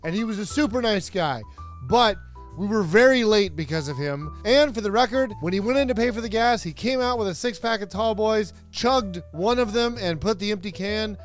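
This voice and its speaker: A man's voice: high voice, moderate pace, soft background music. A man narrating a comedic wrestling recap, sarcastic and joking, with laughs in his delivery. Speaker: wrestling video host.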